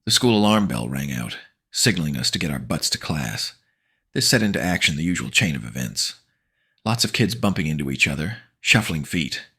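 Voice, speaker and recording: A man narrates a horror-comedy audiobook with a wry, joking manner. His voice is extremely low and gravelly, with a bright and husky edge. His delivery is lively, rising and falling a lot.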